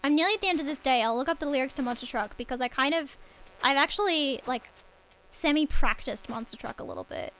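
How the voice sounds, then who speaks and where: A woman's voice: sits high, fast, a bit bright, a little hiss or hum. A young Australian woman chatting casually while streaming a game, rambling and giggling as she talks. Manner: rambling, giggly, self-interrupting. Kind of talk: casual gaming stream chat.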